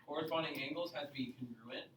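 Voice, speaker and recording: A man's voice: on the high side, fast. Male teacher explaining in an echoey classroom. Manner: explains patiently, repeats key points with "okay?". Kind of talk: classroom geometry lesson. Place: classroom with students. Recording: echoey classroom, mic far off, faint noise.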